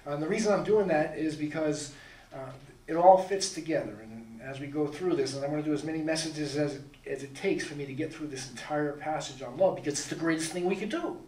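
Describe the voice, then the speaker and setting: A man's voice: on the high side, a little fast, a little mellow, echoey room, recorded from a distance, slight background noise, rough recording. A man preaching a sermon as pastor, emphatic and full of rhetorical questions to the congregation. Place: church sanctuary.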